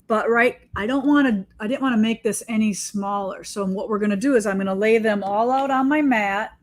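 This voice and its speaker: A woman quilting teacher chats through a sewing demonstration in an easy, mid-pitched voice. She sounds excited and pokes fun at herself as she works. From United States. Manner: chatty, enthusiastic, self-deprecating. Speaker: quilting teacher and shop owner. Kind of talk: casual craft demonstration.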